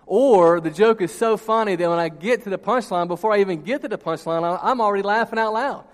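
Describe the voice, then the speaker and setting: Male pastor, animated sermon storyteller, a bit high-pitched, reverberant church hall. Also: fast. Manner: storytelling, animated, laughs at own jokes. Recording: long reverb in a large hall.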